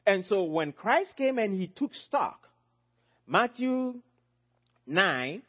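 A man preaching a sermon, emphatic, swinging from loud high exclamations to low quiet phrases. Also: big pitch swings, slow pace, highs cut off.

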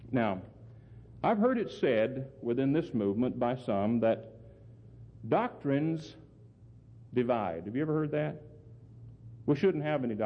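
A man preaching a sermon and explaining scripture, earnest and emphatic, often putting questions to his listeners. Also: medium pitch. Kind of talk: sermon, Bible exposition. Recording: phone-like sound with long hall reverb.

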